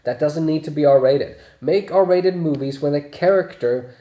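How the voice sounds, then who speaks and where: A man's voice: a little high, a little slow, echoey room, highs cut off. A man chatting through a casual movie review, laughing often and swearing freely.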